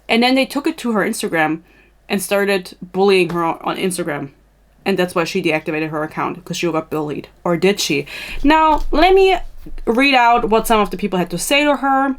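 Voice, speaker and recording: A woman's voice: mid-range voice, expressive, moderate pace. A woman hosting a podcast in a casual, tangential chatty style, swearing freely and laughing at her own asides. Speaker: podcast host.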